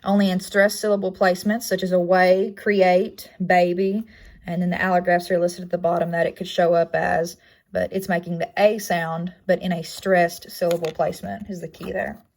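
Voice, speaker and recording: A woman's voice: fairly low pitch, little pitch movement, normal speed, gravelly, darkish tone. A young woman giving a class project presentation, speaking plainly with frequent ums and uhs. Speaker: student presenter.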